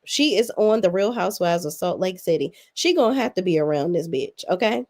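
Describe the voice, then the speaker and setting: A woman's voice: lowish voice, animated, brisk, darkish tone. Blunt, sassy woman recapping reality TV. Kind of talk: casual recap commentary.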